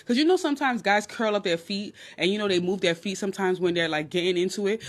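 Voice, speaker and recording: A woman in her twenties with a slight New York accent talks straight into her phone for a livestream. She gives dating advice in a blunt, animated, crude and funny way, at a middle pitch. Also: fast talker, hardly any pauses. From Nigerian, raised in New York. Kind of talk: casual livestream chat.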